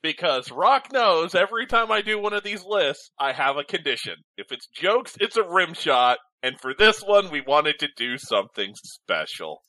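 A man co-hosting a live talk show with animated, joking banter. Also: on the high side, moderate pace, hardly any pauses, poor audio. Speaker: co-host.

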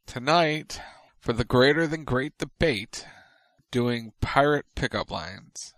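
A man's voice: mid-range voice, expressive, slow pace, a bit bright, no echo. A man hosting a live talk show as its producer, chatting and plugging links. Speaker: producer and host.

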